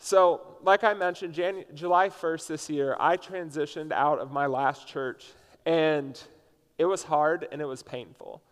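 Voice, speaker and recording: Higher-voiced pastor preaching in a reverberant hall. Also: male voice, steady tone, a little slow, clean tone. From Indiana. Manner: casual storytelling, frequent "like" fillers. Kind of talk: conversational sermon. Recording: long reverb from a large hall.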